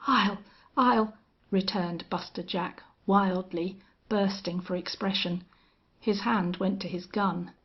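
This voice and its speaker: A woman narrating an audiobook of a western novel, telling the story in a measured way. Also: lowish voice, little pitch movement, breathy edge, highs cut off.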